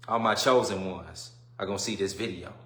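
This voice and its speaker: Guy preaching on his live, lowish tense voice, keeps going "you see what im saying", echoey room. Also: steady tone, brisk. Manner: swings between quiet musing and loud preaching bursts. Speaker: livestream host. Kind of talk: preachy livestream monologue.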